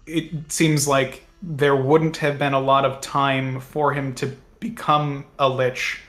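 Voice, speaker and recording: A man's voice: medium pitch, level tone, slow pace, fairly bright tone. A man, a player in a tabletop game, thinking aloud and reasoning about the story with restarts. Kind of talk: casual tabletop discussion.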